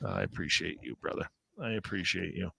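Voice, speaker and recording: A middle-aged man hosting a radio show, chatting casually and warmly calling his guest brother and man. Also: low voice, brisk, vocal fry, slightly rough, dry recording, studio quality. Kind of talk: casual interview chat.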